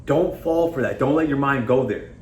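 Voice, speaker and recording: A man's voice: medium pitch, animated, normal speed, a little mellow. A man hosting a casual motivational talk, speaking conversationally and emphatically and often calling his viewers "guys". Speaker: self-improvement video host. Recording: echoey room with faint background noise.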